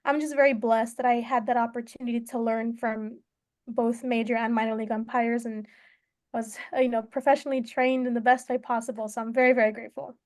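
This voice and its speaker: Brief: female guest umpire, fairly high voice, earnest, quick to laugh. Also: little pitch movement, darkish tone. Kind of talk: casual interview chat.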